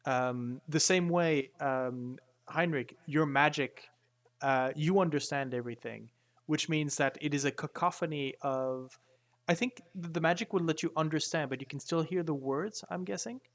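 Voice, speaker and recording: A man running a tabletop game as game master, explaining the scene in a halting way with many restarts. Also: fairly high pitch, fairly bright tone. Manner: halting, full of fillers and restarts.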